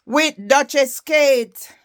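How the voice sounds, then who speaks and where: A woman's voice: sits high, steady tone, extremely slow. An older woman with a Jamaican accent, giving an impassioned personal testimony and often asking the listener "Yeah?". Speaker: campaigner telling her story.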